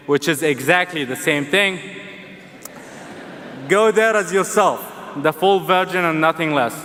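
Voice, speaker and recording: Bright-voiced Egyptian young man, arena echo. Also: fairly high pitch. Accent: Egyptian Arabic. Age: young adult. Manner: humorous, earnest storytelling. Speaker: student commencement speaker. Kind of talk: commencement speech. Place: large arena. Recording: long arena reverb.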